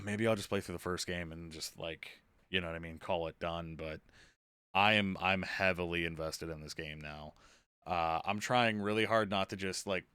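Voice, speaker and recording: A man's voice: sits low, fairly bright tone, clean tone, dry recording, clean studio sound. A young man streaming a game, chatting casually and rambling while he plays. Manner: rambling, chatty, self-interrupting. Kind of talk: casual live-stream chat.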